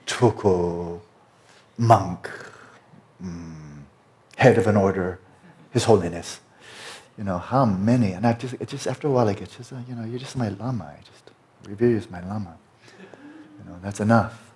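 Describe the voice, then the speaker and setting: A man's voice: on the low side, darkish tone. An American man giving a conversational dharma talk to retreat students, emphatic and often checking in with "right?". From United States. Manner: emphatic, conversational, repeats tag questions. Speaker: meditation teacher.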